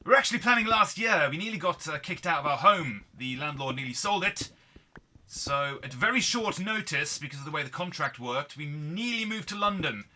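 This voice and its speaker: A man's voice: mid-range voice, animated, a little slow, pushed and bright. A man doing a put-on accented persona, commenting on gameplay in an upbeat, exclamatory, rambling way. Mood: chatty. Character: chirpy adult male show persona with put-on accent.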